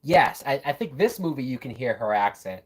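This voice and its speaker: A man's voice: mid-range voice, animated, brisk, breathy edge. A man hosting a live watch-along, giving casual, profane, enthusiastic commentary on a film as it plays. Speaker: movie reaction host.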